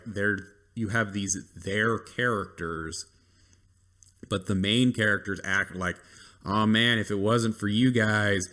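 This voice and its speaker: Low-voiced man rambling through a rant. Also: fairly bright tone. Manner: rambling, lots of ums and likes, dry complaints. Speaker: reviewer. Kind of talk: casual review rant.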